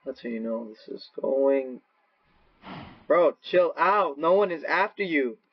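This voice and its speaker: A man doing gaming commentary, rambling to himself with profane, erratic outbursts and sudden yelling. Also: fairly high pitch, expressive, slow, no echo. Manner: rambling self-talk. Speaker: gaming channel host. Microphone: laptop mic. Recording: dull lo-fi laptop mic.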